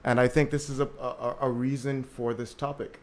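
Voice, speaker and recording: A man's voice: medium pitch, little pitch movement, moderate pace, darkish tone. A man from Jamaica speaking as a panelist in a panel discussion, telling a story with energy and repeating words while he searches for them.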